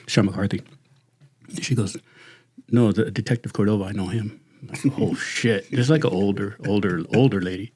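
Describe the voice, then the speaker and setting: A man's voice: fairly low pitch, dark tone. A middle-aged man with a Southern Californian accent, a retired sheriff's deputy, telling profane, laughing anecdotes in casual talk. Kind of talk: casual storytelling.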